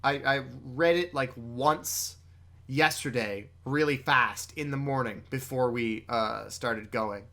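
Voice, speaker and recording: A podcast co-host with a bright, forward tone, recapping a comic chapter in loose, profane casual chat. The delivery swings from offhand mumbling to loud, excited bursts. The pitch stays in a middle range. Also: slow.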